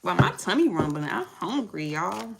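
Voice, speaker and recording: A woman's voice: on the low side, very animated, moderate pace, vocal fry, a little hiss or hum, poor audio. A woman reading tarot on a live stream, chatting casually with viewers and repeating herself as she sorts out names. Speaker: tarot reader.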